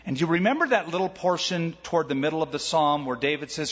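A man's voice: fairly high pitch, fast, hardly any pauses, fairly bright tone. A male pastor delivering a sermon in a conversational, storytelling way, with emphatic points. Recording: echoey hall, dull sound.

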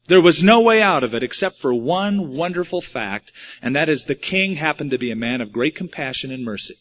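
A pastor preaching an expository sermon and reading scripture, with wry asides. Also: male voice, fairly high pitch, animated, brisk, a bit bright. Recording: dull lo-fi recording.

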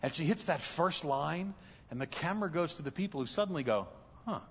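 A guest pastor preaching a sermon in a large church, telling stories and building to loud, fervent peaks. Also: male voice, a little high, expressive, a little fast, husky, long reverb tail, muffled recording.

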